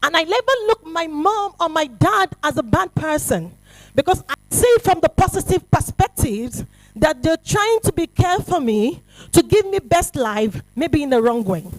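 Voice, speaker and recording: A middle-aged woman, giving a fervent testimony to a youth retreat, swinging from hushed to shouting. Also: high-pitched, no echo, poor audio. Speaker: prophetess speaking to a youth retreat. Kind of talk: impassioned testimony to a crowd.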